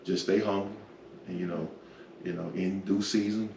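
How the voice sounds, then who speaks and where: A man in his 40s with a very low voice and vocal fry gives a reflective personal faith testimony as an interview guest, peppering his talk with "man" and "you know." His intonation is fairly even and his pace moderate, recorded from far off in an echoey room with faint noise.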